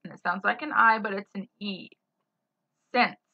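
A woman teaching spelling, saying each word slowly, spelling it letter by letter and using it in a sentence. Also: mid-range voice. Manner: spells words letter by letter, then gives example sentences. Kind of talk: slow dictation of spelling words. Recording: slightly dull lo-fi sound.

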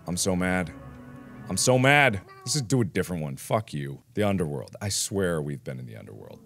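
A man commenting on a video game as he plays it, loud and exasperated, swearing freely and breaking into sudden yells. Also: sits low, big pitch swings, unhurried, creaky, pauses often, music in the background. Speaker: let's play host.

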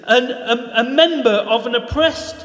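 A Northern English man delivers an enthusiastic sermon, his pitch sitting high for a man. His voice rings through a church hall with a long, roomy reverb. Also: measured pace, a bit bright. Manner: passionate, enthusiastic preaching with rising pleading questions. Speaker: preacher.

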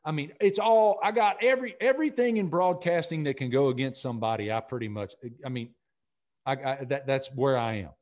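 A middle-aged man with a Southern accent, a guest in a podcast interview, talking in an earnest, energetic way and often repeating himself. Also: medium pitch, fairly quick. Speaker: podcast guest, sports broadcaster. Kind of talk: casual interview talk.

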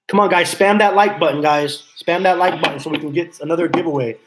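A man chatting casually on a live stream from his home office. His voice sits a little higher than usual for a man. He rambles, repeats himself and reads chat messages aloud. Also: fast, noisy background. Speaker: livestream host.

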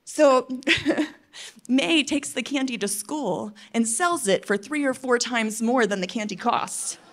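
Tearful, impassioned high-voiced woman speaker. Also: takes it slowly. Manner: emotional, emphatic, pleading with the audience; swings between loud outbursts and soft near-whispers. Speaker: conference speaker. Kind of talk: impassioned conference address.

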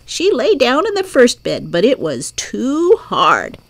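A woman's voice: fairly high pitch, wildly swooping pitch, slow, a little hiss or hum. Sing-song woman reading a children's story. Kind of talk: children's story read-aloud.

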